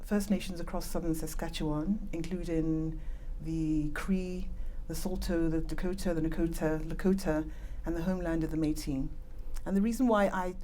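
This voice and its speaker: A woman's voice: deep voice, mellow, slight background noise. A woman with a British accent who was born in Nigeria gives an earnest conference talk. She speaks into a microphone in a conference room and makes chatty asides about it. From born in Nigeria, raised in Britain. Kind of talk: conference presentation. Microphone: handheld or clip-on microphone.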